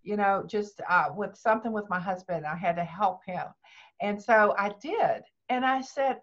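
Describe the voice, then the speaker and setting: A woman's voice: mid-range voice, moderate pace. Older woman telling stories, muffled sound. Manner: lively, acts out quoted dialogue. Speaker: guest speaker. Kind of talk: personal storytelling interview. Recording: dull lo-fi sound.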